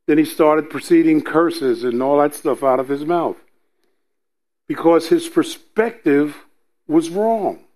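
A man with a high, light voice delivers a sermon, pressing each point with earnest repetition. He speaks with conviction to his listeners. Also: slow, darkish tone. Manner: earnest, repetitive emphasis, acts out quoted voices. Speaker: preacher.

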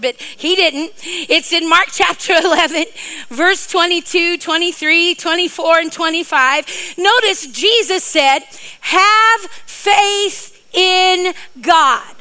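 A woman's voice: extremely high pitch, moderate pace, sharp tone, low-quality recording. A middle-aged woman preacher giving a sermon, playful and joking, with rambling asides to her congregation.

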